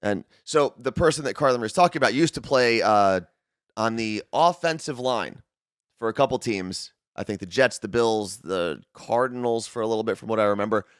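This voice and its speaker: A young adult man co-hosting a podcast, relaxed and chatty, reading out listener comments. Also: lowish voice, normal speed, clear, resonant tone, no echo, studio quality. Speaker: podcast co-host. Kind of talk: casual chat.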